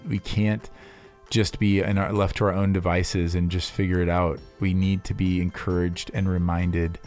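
A man's voice: low voice, flat delivery, moderate pace, a little mellow, soft background music. A man co-hosting a church podcast, talking earnestly with frequent fillers and restarts. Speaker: pastor co-host.

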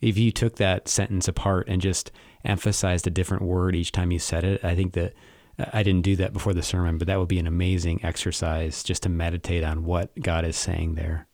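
A man co-hosting a church podcast, speaking in a reflective, measured way. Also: deep voice, level tone, darkish tone, no echo, studio quality. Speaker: pastor co-host.

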